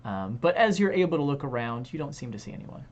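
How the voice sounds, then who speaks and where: Lady dm with a low voice, lots of ums, narrating the game. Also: sing-song, fast, darkish tone, dull audio. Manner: hesitant, many ums and uhs. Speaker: dungeon master.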